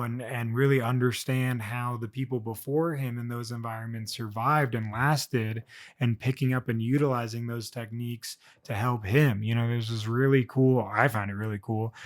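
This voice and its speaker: A young man talking casually on his own vlog, rambling with many fillers and restarts. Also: mid-range voice. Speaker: vlogger. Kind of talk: casual solo monologue.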